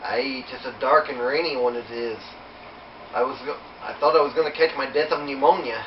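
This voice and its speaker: A man's voice: mid-range voice, fairly even intonation, normal speed, roomy sound, distant mic, muffled recording, slight background noise, close to an everyday voice. A man voicing a friendly Irish drifter with a thick Irish accent and a folksy, chatty manner.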